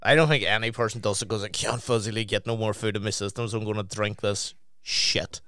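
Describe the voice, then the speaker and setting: A man's voice: on the low side, fairly even intonation, fast, bright, forceful tone, dry recording, clean studio sound. A man in casual chat, swearing freely and telling stories with laughs. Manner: swearing, storytelling with laughs and acted quotes.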